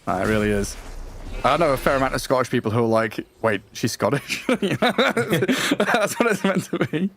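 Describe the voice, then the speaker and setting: A man's voice: medium pitch, a little hiss or hum. Man calling esports play-by-play. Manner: quick, lively play-by-play calls. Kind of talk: live game commentary.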